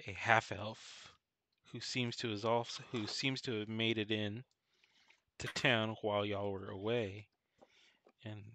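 A man narrating as game master, halting and full of fillers. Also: lowish voice, pushed and bright.

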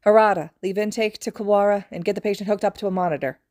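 A woman reading as a commanding emergency doctor barking urgent orders over a dying patient. Her voice is pushed louder and higher than her usual low, mellow tone, recorded dry and close. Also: fairly even intonation, quick pace, no echo, close to an everyday voice.

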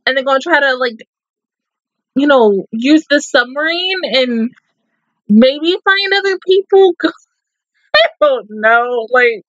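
A young woman with a fairly high voice reacts out loud in loose, expressive commentary, swearing and laughing as she goes. The sound is dry and close, with a slightly dull, muffled top end. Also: slow pace, long pauses, no echo. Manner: expressive, swears, laughs often, talks back to the screen. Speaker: anime reaction YouTuber.

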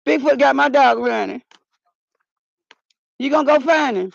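A woman vlogging outdoors in the cold, talking in a dramatic, slangy way and shouting out calls. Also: high-pitched, unhurried, vocal fry, long pauses, no room sound. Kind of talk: casual outdoor vlog. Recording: dull lo-fi phone audio.

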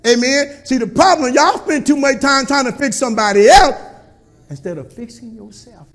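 A man preaching a colloquial sermon in a church style, with call-and-response and shouted peaks. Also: extremely high pitch, normal speed. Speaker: pastor.

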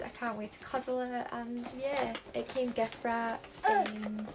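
A woman's voice: fairly high pitch, steady tone, a little slow. Scottish girl, 19, chatty haul vlog, lots of ums, noisy home recording. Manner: chatty, many um fillers. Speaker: beauty vlogger. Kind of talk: casual haul chat.

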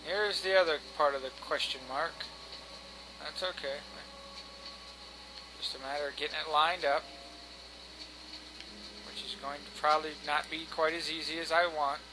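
A man's voice: on the high side, fairly even intonation, measured pace, long pauses, pushed and bright, a little hiss or hum, poor audio. A man giving casual let's-play commentary, exasperated and swearing at the game and at himself. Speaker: gameplay commentator.

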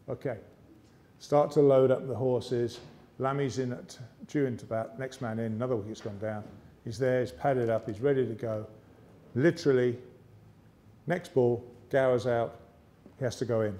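An English man giving a motivational speech on stage, telling a lively story and slipping into other people's voices. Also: medium pitch, normal speed. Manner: lively yarn-spinning with character voices. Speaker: motivational speaker. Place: arts centre stage, live audience.

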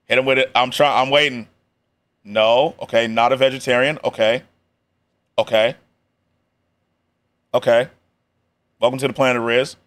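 A man's voice: medium pitch, a bit bright. Young guy streamer riffing on a video, slangy and jokey, laughs a lot. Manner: joking, slangy, laughs often. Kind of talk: casual reaction commentary.

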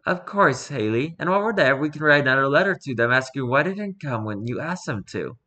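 A man's voice: expressive, a little fast, bright, forceful tone. A man doing a cooing sinister carnival thing. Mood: coaxing. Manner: syrupy, cooing, turning low and menacing. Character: creepy sweet-talking carnival entity, possessive and sinister.

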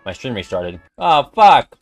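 A man giving casual gameplay commentary, excitable and quick to swear, yelping and exclaiming at the action. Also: mid-range voice. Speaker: let's play commentator. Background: game music.

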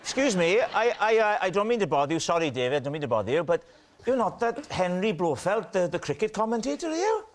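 A man's voice: high-pitched, very animated, fast talker. A man playing an overeager, apologetic fan who gushes at a diner he recognises. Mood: gushing. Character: gushing starstruck male fan in a restaurant. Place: TV studio with live audience.

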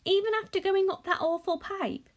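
Wide-eyed earnest boy, read by a woman, very high and slow, wondering tone, storybook reading. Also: sing-song, lo-fi sound.

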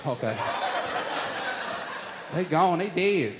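A man doing a stand-up routine, prodding the crowd in a casual, quick delivery. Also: on the high side, animated, very noisy. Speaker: stand-up comedian. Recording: live hall reverb.

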